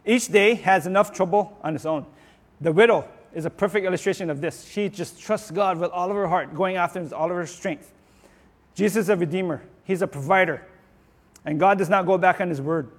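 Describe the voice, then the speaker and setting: A man preaching a sermon in an earnest way, often restarting and repeating words, and rising and getting louder on his declarations. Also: high voice, fairly quick, in a large hall. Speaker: pastor.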